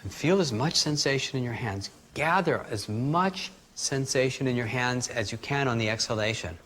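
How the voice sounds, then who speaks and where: A man teaching a live workshop, calmly guiding a group through breathing exercises and demonstrating them aloud. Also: medium pitch, normal speed, slight background noise. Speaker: energy healing teacher.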